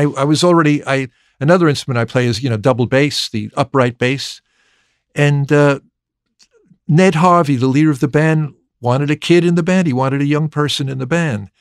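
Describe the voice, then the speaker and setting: An older man, a record producer telling stories from his youth in an interview, with many halting restarts. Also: medium pitch, no echo, studio quality. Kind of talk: storytelling interview.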